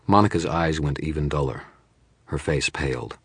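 Very deep, husky male narrator. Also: fairly even intonation, normal speed, no echo. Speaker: audiobook narrator. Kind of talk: first-person audiobook narration.

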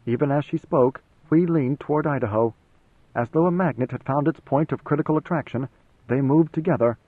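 A man narrating an audiobook in an even, steady storytelling manner. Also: fairly high pitch, a little fast, dry recording. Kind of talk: scripted narration. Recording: dry, phone-like narrow sound.

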